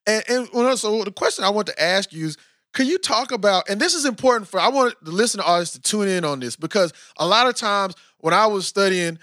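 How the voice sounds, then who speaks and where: High, bright-voiced American man hosting. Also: fairly quick, dry recording, clean studio sound. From United States. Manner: animated and talkative, with frequent fillers. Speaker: podcast host interviewing a guest. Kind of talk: casual chat.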